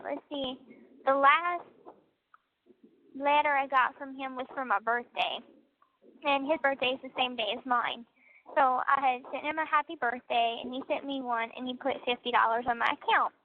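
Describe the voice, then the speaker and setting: A young woman chatting casually on a prison phone call, laughing often and using lots of fillers. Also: high-pitched. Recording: tinny prison phone line.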